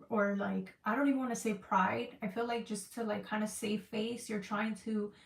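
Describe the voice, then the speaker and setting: Emotional tarot reader, echoey and off-mic. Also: female voice, mid-range voice, gravelly, far from the mic. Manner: emotional, repetitive, searching for words. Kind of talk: casual tarot reading.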